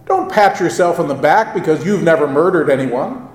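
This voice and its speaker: High-voiced male pastor preaching in an echoey room. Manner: measured, expressive preaching with drawn-out emphasis on quoted lines. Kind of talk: sermon. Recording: roomy echo.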